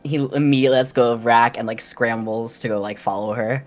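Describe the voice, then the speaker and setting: A player at a live tabletop game who speaks hesitantly, with many pauses and ums. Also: medium pitch, steady tone, darkish tone, soft background music. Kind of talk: casual play at a tabletop game on a stream.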